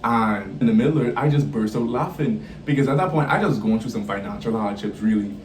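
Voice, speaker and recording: Animated young man in a roomy space. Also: fast talker, a little hiss or hum. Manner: animated, laughing storyteller with swings in pitch. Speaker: vlogger. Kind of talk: casual storytelling. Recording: roomy, from a distance off the mic.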